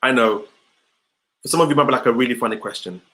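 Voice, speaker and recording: Over a video call, a motivational speaker runs an online session and keeps repeating rhetorical questions to his audience. His medium-pitched voice is bright and forceful, and he talks fast.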